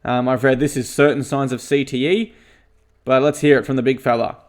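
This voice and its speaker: A man's voice: medium pitch, fairly even intonation. A man co-hosting a podcast, earnestly leading topics and posing questions in casual chat. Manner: earnest, measured, leads the segments. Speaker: podcast co-host.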